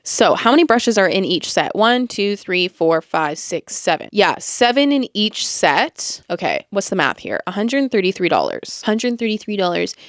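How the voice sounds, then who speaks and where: A woman's voice: medium pitch, sing-song, normal speed, few pauses, no echo, clean studio sound. A young woman with a Canadian accent hosting a casual beauty podcast, chatty and full of asides. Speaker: podcast host.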